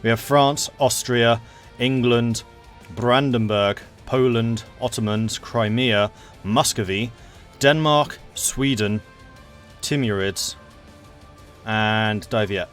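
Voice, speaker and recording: A man's voice: medium pitch, slow, faint music behind. A man hosting and commentating a multiplayer strategy game stream in a chatty, enthusiastic way. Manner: chatty, enthusiastic, laughs easily. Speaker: game match commentator and host.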